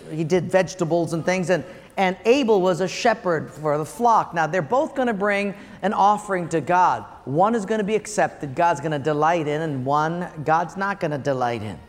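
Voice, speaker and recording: An older man, preaching a sermon as an animated storyteller who laughs through his anecdotes. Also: sits high, normal speed. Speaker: pastor. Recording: long echoey hall reverb.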